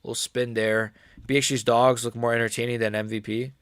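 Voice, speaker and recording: A man's voice: medium pitch, level tone, fairly quick, a bit bright, clean tone, dry recording, clean studio sound. A young man doing casual live commentary on a fight stream, with slangy, rambling speech and blunt, mocking opinions. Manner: slangy, rambling, frequent "bro" and "like".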